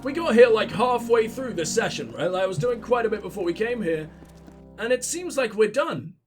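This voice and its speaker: A man's voice: sits high, lively intonation, moderate pace, faint music behind. A man with a stuffy cold, rambling and swearing sarcastically while commentating his own gameplay. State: congested with a cold or flu. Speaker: let's play host.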